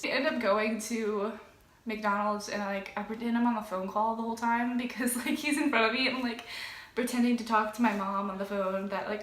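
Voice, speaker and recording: A woman's voice: fairly high pitch, a little fast, roomy sound. A young woman from Louisiana casually telling a dating story, acting out quotes as she goes. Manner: chatty, animated retelling with acted quotes. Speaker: vlogger.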